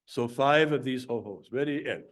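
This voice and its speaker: A man at a mid-range pitch gives a Sunday talk. He coaches the group through an exercise with plain, directive instructions and clears his throat often between phrases. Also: normal speed. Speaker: speaker leading a Sunday talk. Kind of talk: leading a group laughter exercise.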